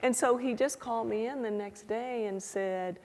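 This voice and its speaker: A middle-aged woman, a guest on a stage interview before a live audience, telling an animated anecdote and acting out the dialogue. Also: on the high side, normal speed, a little hiss or hum. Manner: animated anecdotal storytelling, acts out quoted dialogue. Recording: echoey hall.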